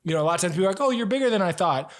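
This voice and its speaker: Brief: young male podcaster, lively self-mocking storyteller, casual chat delivery. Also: high voice, racing. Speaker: podcast co-host, ninja athlete.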